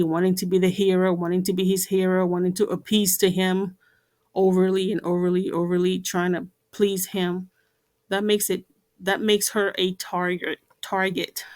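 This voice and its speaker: A woman's voice: fairly low pitch, a little mellow. Earnest woman talking to camera. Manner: earnest, repetitive, many fillers. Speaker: vlogger.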